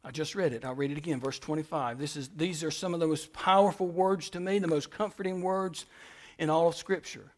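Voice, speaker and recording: A pastor preaching a sermon in church, repeating phrases for emphasis and moving between soft and loud delivery. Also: male voice, on the high side, steady tone, brisk.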